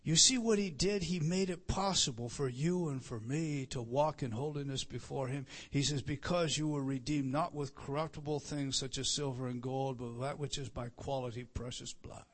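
A middle-aged man preaching a sermon, repeating phrases for emphasis and swinging from loud declarations to soft asides. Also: medium pitch, normal speed, few pauses. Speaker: pastor.

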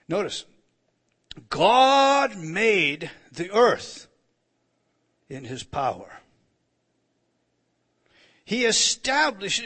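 Preaching to an audience, this man speaks with a slightly high voice. He restarts his words, poses questions to the listeners, and climbs toward a loud, forceful declaration.

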